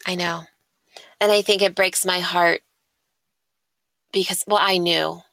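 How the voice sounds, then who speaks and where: A woman telling a personal story, candid and halting, often pausing with fillers, her voice carrying vocal fry. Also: on the low side, steady tone, fairly bright tone, dry recording. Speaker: guest sharing a story.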